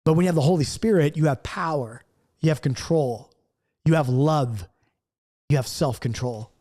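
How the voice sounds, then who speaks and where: A man's voice: fairly high pitch, normal speed, mellow. A middle-aged man teaching a recorded Bible study lesson, earnest and coaching, repeating key points.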